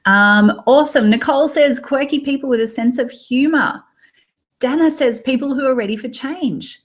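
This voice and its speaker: A woman's voice: high-pitched, moderate pace. Upbeat Australian woman coaching a webinar. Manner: upbeat, encouraging, reads out viewers' chat comments. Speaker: online business coach for tarot readers. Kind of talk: live webinar training.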